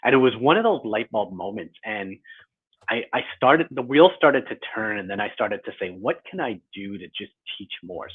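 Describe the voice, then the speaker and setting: A man in his forties speaks in a low, husky voice, reflective and a little self-deprecating as a guest in an interview. The sound is thin and tinny, like a phone line. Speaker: guest author. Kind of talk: conversational interview.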